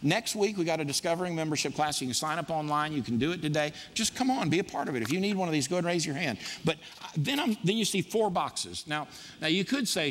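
A man's voice: on the high side, animated, quick pace, fairly bright tone, a little hiss or hum. Emphatic man preaching in an echoing hall. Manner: emphatic, punchy repetition. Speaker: pastor. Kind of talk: sermon. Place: church sanctuary.

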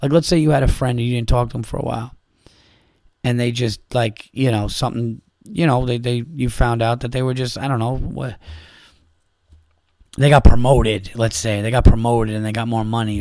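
In a clean, dry studio recording, a man with a medium-pitched, darkish voice delivers a casual solo podcast monologue. As host, he rambles with exasperation and profanity, constantly restarting and going off on asides.

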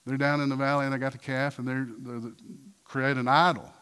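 A man preaching a sermon in a church, animated, firing rhetorical questions and acting out quotes. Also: mid-range voice, fairly quick, smooth, long reverb tail. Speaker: pastor.

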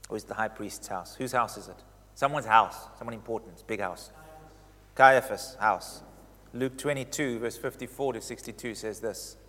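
A man preaching a sermon, retelling a scripture story expressively, with emphatic highs and hushed reflective passages. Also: normal speed. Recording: long hall reverb.

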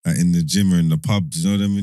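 A young man chats with a friend. His replies are short and skeptical. His voice sits low, and it is recorded close and dry with no room sound. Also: fairly even intonation, quick pace, warm tone, dry recording. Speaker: friend in a chat. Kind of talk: casual chat.

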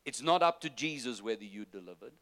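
A man preaching a sermon, moving between loud, urgent exhortation and soft, low-voiced asides to the congregation. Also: expressive, a little fast. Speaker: pastor.

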